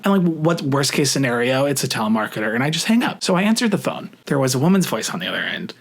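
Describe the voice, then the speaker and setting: A man's voice: medium pitch, very animated. Young guy vlogging a story, swears a lot, says like constantly, speeds up then drags. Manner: chatty, profane, full of "like" fillers; shifts between rushed and drawn-out phrasing. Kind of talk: casual storytelling to camera.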